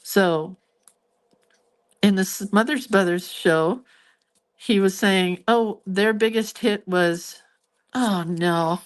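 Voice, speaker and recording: A woman's voice: mid-range voice, takes it slowly, pauses often. A woman hosting a hand-lettering livestream, chatting in a rambling, reminiscing way while she draws in her living room at home. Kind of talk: casual chat while drawing.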